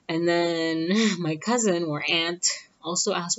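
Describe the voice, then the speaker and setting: Young woman, casual storyteller, chatty, lowish voice, muffled lo-fi audio. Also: fairly even intonation, fairly quick. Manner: chatty, acts out quoted voices higher. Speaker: vlogger telling a birth story. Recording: dull lo-fi sound.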